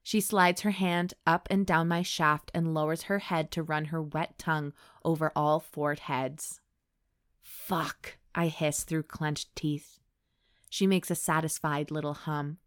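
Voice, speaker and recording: A woman hosting a comedy podcast, reading an erotic story aloud in a deadpan voice between jokes. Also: deep voice, unhurried, clear, resonant tone, dry recording, clean studio sound. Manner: deadpan reading broken by laughing asides. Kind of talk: dramatic reading with comic banter.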